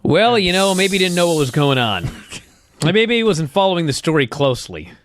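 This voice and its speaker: A man co-hosting a podcast, talking casually, swearing a lot and ranting with big jumps in pitch. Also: moderate pace, dry recording. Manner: profane, animated, swings his pitch up when outraged. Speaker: podcast co-host. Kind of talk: casual chat.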